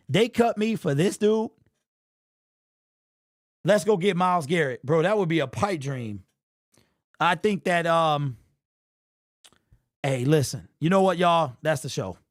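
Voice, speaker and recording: Excitable high-voiced man hosting a livestream. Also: measured pace, pauses often, dry recording, studio quality. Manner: excitable, slangy, talks straight to the chat with lots of "bro". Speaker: livestream postgame show host. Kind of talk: casual livestream chat reacting to viewers.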